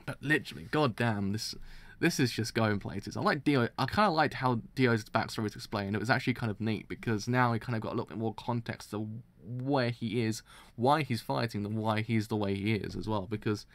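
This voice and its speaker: A young man streaming a live reaction, excitable, who swears and restarts his sentences while his throat is dry and sore. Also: lowish voice, fairly quick, no room sound.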